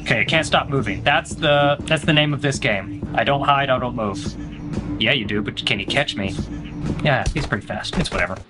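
A man's voice: mid-range voice, normal speed, music in the background. A man doing let's play commentary on a horror game, joking with his chat and letting out sudden panicked yelps. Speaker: gaming streamer.

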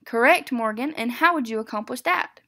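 A strict but patient male monster teacher, as a woman reads him aloud from a picture book. He speaks in a measured, formal, instructive way, fairly high in pitch, like a storybook classroom. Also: pushed and bright.

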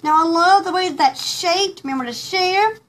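A woman's voice: extremely high pitch, normal speed. A woman hosting a casual live pearl jewelry showcase, gushing and giggling, rambling with lots of fillers. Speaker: host showing pearl jewelry.

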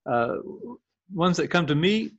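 A man's voice: on the high side, lively intonation, unhurried, dry recording. A man hosting a casual video call meeting, talking in a rambling, self-interrupting way as he explains his work as a journal editor. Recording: dull, lo-fi video call audio.

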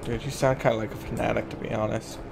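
A man streaming a horror game, shouting profane jokes at the characters and reacting with loud excitement. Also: mid-range voice, quick pace, gravelly, background noise. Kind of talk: live gameplay commentary. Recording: game music underneath. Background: horror game music and sounds.

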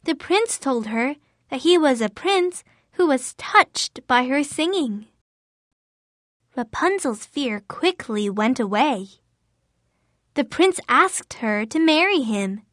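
A woman narrating a fairy tale in a clear, careful storybook reading for language learners. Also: sits high, animated, slow, fairly bright tone, no room sound, clean studio sound.

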